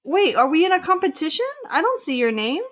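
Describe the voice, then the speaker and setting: A woman's voice: sits high, very animated, a little fast, a bit bright. A woman co-hosting a podcast in a casual chat, teasing and laughing often. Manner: giggly, teasing. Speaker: podcast co-host.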